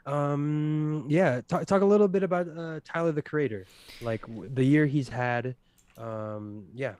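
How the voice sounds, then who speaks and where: A man's voice: on the high side, unhurried, a little mellow, clean tone, no echo. A young man co-hosting a casual livestreamed podcast, rambling with lots of fillers and easy laughter. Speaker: podcast co-host presenting awards.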